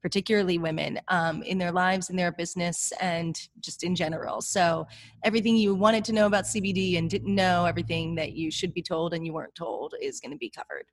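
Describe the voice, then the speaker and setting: A woman chatting as a podcast guest, telling a story with lively acted-out quotes. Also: on the low side, fairly quick, a little hiss or hum. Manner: animated storyteller, acts out her own quotes. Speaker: speaker on CBD for women. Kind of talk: casual chat.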